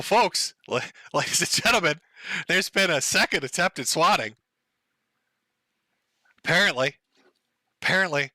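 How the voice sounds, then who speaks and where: A man's voice: fairly high pitch, pushed and bright, dry recording. A man hosting a livestream, talking in a crude, sarcastic and mocking way. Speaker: livestream host. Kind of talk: casual livestream commentary.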